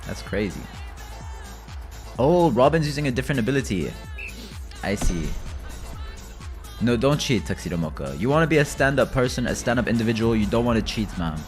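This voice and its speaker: Man, game streamer, at home, casual rambling chat, heavy swearing, muttering then ranting, mid pitch, faint music behind. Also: very animated, a little fast, pauses often. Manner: profane, loose and rambling, swings from low mutters to loud rants. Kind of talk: casual live-stream chat while gaming.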